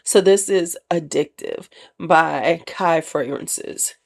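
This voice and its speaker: A woman's voice: sits low, expressive, takes it slowly, creaky. A woman casually reviewing perfumes in a chatty, candid way, with slangy asides. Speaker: perfume vlogger.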